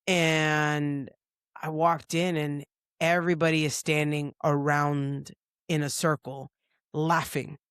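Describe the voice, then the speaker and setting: A woman co-hosting a podcast, telling a casual story with lots of swearing and quick impressions of other people's voices. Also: low voice, clear, resonant tone, no room sound, clean studio sound. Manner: profane, lively, acts out others' lines. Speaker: podcast co-host. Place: podcast studio.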